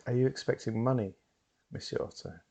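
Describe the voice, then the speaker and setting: A man's voice: medium pitch, fairly quick, breathy edge. A man playing a grandiose stage hypnotist. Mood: sly. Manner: theatrical announcer voice, rising and loud. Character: showy male stage hypnotist, grand and smooth.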